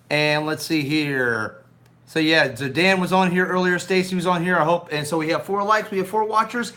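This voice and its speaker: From indoors at his home, a man hosts a casual live stream on a phone mounted to a gimbal, cheerfully greeting viewers by name. His voice sits high and sounds bright and forceful, with a slightly scratchy throat.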